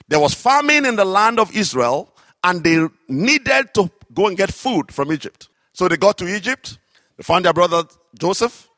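A man preaching a sermon, telling stories with animated, drawn-out emphasis on key phrases. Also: a little high, dry recording, studio quality. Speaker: works alongside a psychiatrist in an office.

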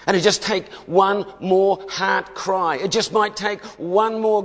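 A man preaches a testimony sermon. He tells it as an emphatic story in a voice on the higher side. A long reverb from a large hall hangs on every phrase. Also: steady tone, takes it slowly. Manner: storytelling, emphatic, often laughing.

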